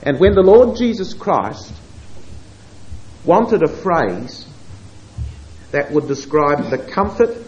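A man preaching a sermon, moving between quiet asides and emphatic, drawn-out scripture quotations. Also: a little high, highs cut off. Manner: expressive, swings between hushed asides and emphatic quoting.

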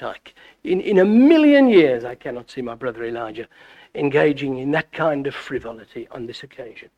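A middle-aged man preaching a sermon, animated and full of stammered restarts. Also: a little fast. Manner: animated, wide swings in pitch and loudness, frequent stammered restarts. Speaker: visiting preacher.

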